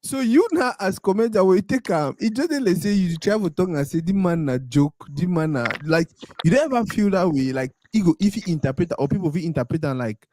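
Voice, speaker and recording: A man hosting an interview, relaxed and laughing as he asks questions. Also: high voice, a little fast. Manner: relaxed, laughing, backchannels a lot. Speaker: interviewer host. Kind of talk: casual interview chat.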